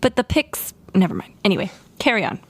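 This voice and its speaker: A woman co-hosting a book club podcast, chatting casually and quick to chime in. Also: medium pitch, very animated, breathy edge, dry recording. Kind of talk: casual chat.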